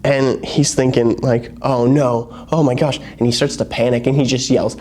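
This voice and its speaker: Preaching in a relaxed, storytelling style, this young youth pastor gives his youth group a sermon and voices the characters in his tales. He speaks in a mid-range voice at a moderate pace with few pauses.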